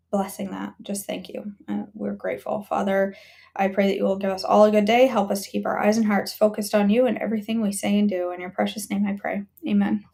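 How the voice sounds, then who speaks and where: A woman hosting a live devotional stream, praying aloud for friends with halting pauses, then chatting to viewers. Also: mid-range voice, creaky. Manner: halting prayer with many ums and restarts, warm repeated thanks. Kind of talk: spoken prayer, then casual sign-off. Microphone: phone or webcam on a live stream.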